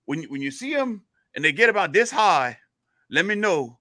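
A man putting on the voice of an excited, panicky man on horseback, with a high, yelping tone. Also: normal speed, no echo, studio quality, heavily acted.

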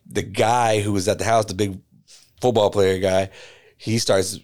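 A man's voice: on the low side, unhurried. A middle-aged man, a guest on a podcast, telling a personal story in casual conversation and acting out the voices of the people in it. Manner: animated storyteller who acts out quoted voices. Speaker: podcast guest, graffiti artist.

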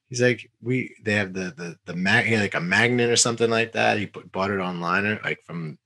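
A young man talking as a podcast guest, rambling through a story with many fillers and restarts and getting animated when he quotes people. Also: on the low side, fast talker, few pauses, no echo. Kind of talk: casual conversational storytelling.

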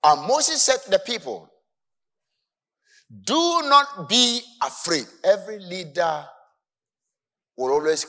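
A male preacher delivers his sermon in a fairly high, very lively voice. He drops into soft asides, then climbs to shouted emphasis.

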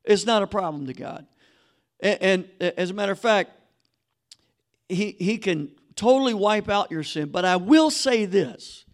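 Man, pastor, high voice, emphatic sermon. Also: expressive, unhurried. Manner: emphatic preaching, drops to a hushed voice then rises.

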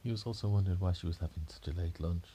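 A man's voice: deep voice, very fast, warm tone, a little hiss or hum. A man telling an improvised detective story, rambling with frequent restarts and self-corrections.

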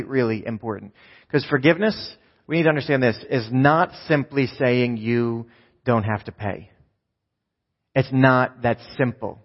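A man preaching a sermon in a conversational way, often checking in with his listeners. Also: medium pitch. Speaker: pastor. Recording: dull lo-fi sound with long hall reverb.

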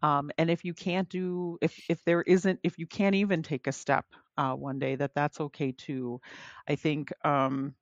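A woman's voice: deep voice, fairly even intonation, measured pace, dry recording, muffled recording. Hesitant woman podcast host. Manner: hesitant, searching for words, many fillers. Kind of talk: casual podcast chat.

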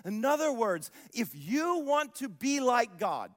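A man preaching a sermon as a pastor, passionate, swinging between loud declarations and hushed asides. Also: extremely high pitch, big pitch swings, a little slow. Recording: long hall reverb.

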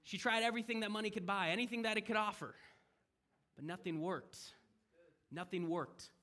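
A young man with a high voice delivers a sermon in a lively, conversational way. He swings from loud, emphatic lines to quiet, hushed asides. He acts out the voices of people in the story as he goes. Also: brisk. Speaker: preacher.

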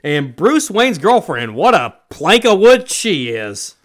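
A man's voice: sits high, very animated, slow pace. A man from the United States co-hosting a podcast, talking through a movie in a casual, emphatic and opinionated way. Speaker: podcast co-host. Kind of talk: casual movie review chat.

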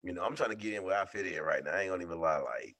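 A man's voice: deep voice, animated, very fast, pushed and bright. A man, co-hosting a casual podcast and rambling with many fillers. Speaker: podcast co-host. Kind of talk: casual chat.

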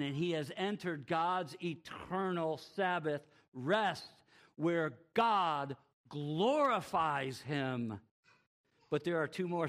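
Slow, emphatic male preacher. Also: on the high side. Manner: emphatic preaching with rhetorical questions and wide swings in loudness. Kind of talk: sermon.

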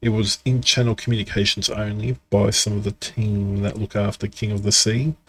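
Man, podcast co-host, low gravelly husky voice, frank and opinionated. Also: flat delivery, normal speed. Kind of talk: casual gaming podcast chat.

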